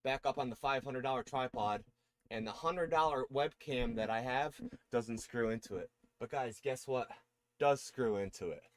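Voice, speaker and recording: A man vlogging casually to his viewers while setting up gear, swearing freely and chatting as he works. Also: normal speed. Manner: baby-talks in a high voice to his cat. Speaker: streamer setting up gear on camera. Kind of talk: casual vlog talking to viewers.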